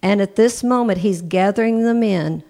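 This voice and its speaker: A woman's voice: mid-range voice, moderate pace, mellow. A woman in her sixties preaching as a guest, talking to the congregation in a conversational way and breaking off for asides. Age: 60s. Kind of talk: sermon.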